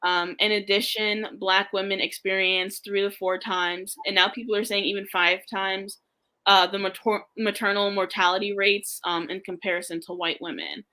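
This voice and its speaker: A woman, a guest on a live interview, explaining earnestly and halting with many fillers. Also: medium pitch, level tone, sharp tone, low-quality recording.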